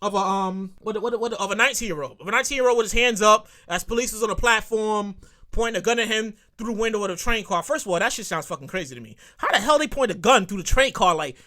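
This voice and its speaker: A podcast host with a New York accent, ranting solo in a comedic way, who gets excited, repeats phrases and swears freely. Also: mid-range voice, fast.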